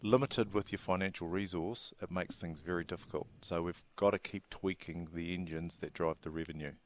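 A man, a racing industry chief executive giving measured, businesslike interview answers. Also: deep voice, fairly even intonation, slight background noise.

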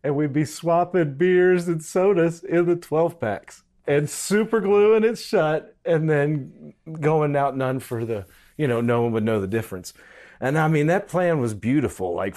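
A middle-aged man in casual conversation, relaxed and laughing through a story he tells. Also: on the high side.

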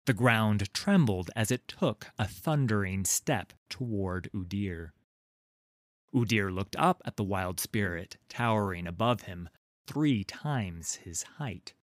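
A man reading a fantasy story aloud in a measured, deliberate way. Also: fairly low pitch, no echo, studio quality. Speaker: narrator. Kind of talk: scripted fantasy narration.

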